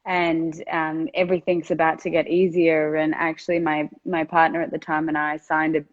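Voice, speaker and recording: A woman's voice: sits low, level tone, moderate pace, lo-fi sound. A woman entrepreneur telling a candid, reflective story in an interview, with a conversational style full of fillers. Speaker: entrepreneur guest.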